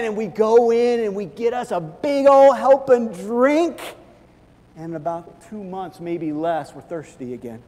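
A man preaching a sermon as pastor, animated and swinging from hushed to loud. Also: high voice, unhurried. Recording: long reverb of a large hall.

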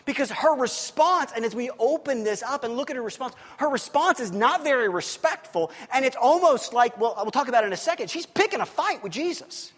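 A man's voice: very high-pitched, a little fast, hardly any pauses, long reverb tail. A male preacher giving a sermon in a conversational style, often checking in with listeners. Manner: animated, conversational, keeps asking "okay?".

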